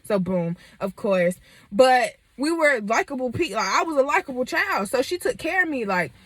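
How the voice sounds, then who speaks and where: Twenties woman spilling her story on camera, candid, animated, kinda high voice, dry sound. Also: normal speed, husky, no echo. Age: 20s. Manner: candid and animated, lots of fillers. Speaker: vlogger. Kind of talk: personal storytelling.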